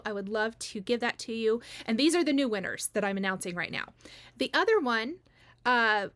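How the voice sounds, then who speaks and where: A woman's voice: fairly high pitch, fairly bright tone. A woman cross stitch vlogger chatting casually to her viewers, frank and talkative, with frequent ums and restarts. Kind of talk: casual chat announcing giveaway winners.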